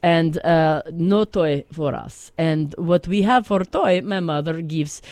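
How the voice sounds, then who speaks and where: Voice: medium pitch, a little mellow, dry recording, pitched below the performer's own voice. A host putting on an old storyteller. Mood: wistful. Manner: halting, wistful, broken grammar. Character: poor old immigrant storyteller with broken English. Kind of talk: comic character monologue.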